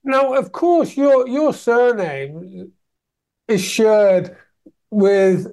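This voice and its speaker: English guy hosting the chat, high voice, summing up the guest's stories. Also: extremely slow, gravelly, a little mellow. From England. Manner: conversational, recaps the guest's stories. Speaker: interviewer, host. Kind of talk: casual interview chat.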